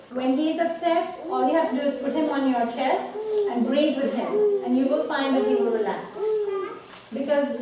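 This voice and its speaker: Woman workshop presenter, coaxing and repetitive, recorded from a distance in an echoing hall. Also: sits high. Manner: instructive, coaxing, repeats words. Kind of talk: live talk leading breathing exercises. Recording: echoey room from far off, noisy.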